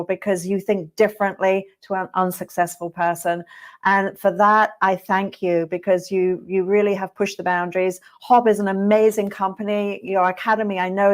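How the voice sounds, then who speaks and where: Brief: earnest woman interviewer, mid pitch, warm-hearted thanks, video-call sound. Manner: effusive, earnest, grateful. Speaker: host. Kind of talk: interview hosting.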